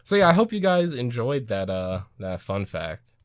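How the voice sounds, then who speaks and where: A man's voice: medium pitch, sing-song, normal speed, dry recording, clean studio sound. A young man co-hosting a podcast, chatting casually and loosely with lots of filler words. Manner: laid-back, lots of "like" fillers. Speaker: podcast co-host.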